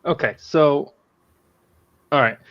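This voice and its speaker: A man's voice: on the high side, slow pace. A man playing a tabletop game, talking casually in a hesitant, self-correcting way, on a dull lo-fi recording. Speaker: player.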